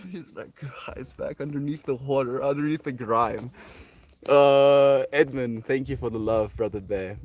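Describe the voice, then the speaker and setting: A man hosting a casual livestream, chatting with viewers in a rambling, animated way and swearing now and then. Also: mid-range voice, normal speed, low-quality recording. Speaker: livestream host. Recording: steady outdoor noise with insects.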